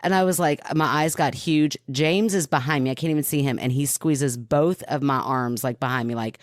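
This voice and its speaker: A woman's voice: deep voice, normal speed, dry recording, studio quality. A woman from Kentucky, a podcast co-host, telling a long personal story in casual chat, laughing often and acting out the people in it. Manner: animated, laughing storyteller who acts out quoted people.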